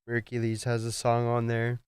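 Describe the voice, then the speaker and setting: Laid-back man, very smooth voice. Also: medium pitch, completely flat delivery, no echo, clean studio sound. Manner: easygoing, agreeable, quick yeahs. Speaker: podcast co-host. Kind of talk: casual chat. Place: home studio.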